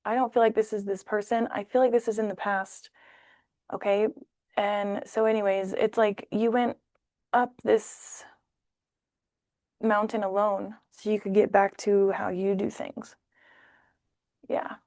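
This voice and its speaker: A woman talks through a tarot spread in a loose, chatty way, jumping into playful little voices as she goes. Her pitch sits in the middle for a woman. The sound is close and dry, with almost no room in it. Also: flat delivery, measured pace, pauses often, a little mellow, no room sound. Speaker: tarot reader. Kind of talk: casual tarot reading to camera.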